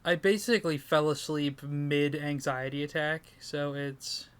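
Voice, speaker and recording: A sleep-deprived man co-hosts a comedy podcast in a slightly high, smooth, clear voice. He rambles in self-deprecating asides and often breaks into laughter. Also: steady tone, a little slow. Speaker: podcast co-host. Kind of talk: casual comedic chat.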